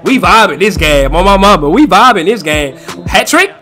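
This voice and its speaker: A man giving live commentary over his own football video game match, excitable and repeating hype phrases over and over. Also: high-pitched, normal speed, faint music behind. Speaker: gaming YouTuber.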